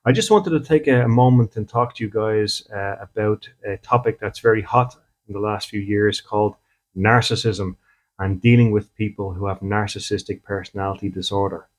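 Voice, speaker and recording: A man, a spiritual medium, talking casually to his audience and often checking in with "okay?". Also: fairly low pitch. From Ireland. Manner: conversational, acts out little dialogues, often checks in with "okay?". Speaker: spiritual medium and podcast host.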